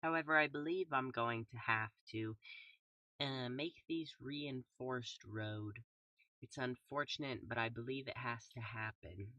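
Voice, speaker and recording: Slow, soft-spoken young gamer man. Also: medium pitch, no echo, far from the mic, lo-fi sound. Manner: calm, soft-spoken, playful made-up sound words. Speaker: gaming YouTuber. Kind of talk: casual gameplay commentary.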